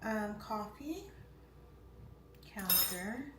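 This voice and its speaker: A woman's voice: mid-range voice, expressive, very slow. A woman in her thirties hosting a casual morning livestream, rambling chattily with lots of "like" and "um" and greeting viewers in the chat. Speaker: livestream host. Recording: roomy, distant mic, faint room noise.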